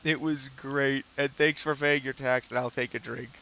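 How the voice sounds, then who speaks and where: A man's voice: medium pitch, steady tone, moderate pace, sharp tone, a little hiss or hum. A man chatting casually with his viewers while he streams a game, telling rambling stories that amuse him. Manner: rambling, self-amused storytelling.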